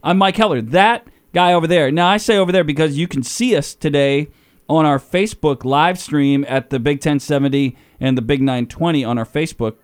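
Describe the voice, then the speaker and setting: A man's voice: a little high, fairly quick, clear, resonant tone. A man hosting a sports talk radio show, giving emphatic, opinionated takes.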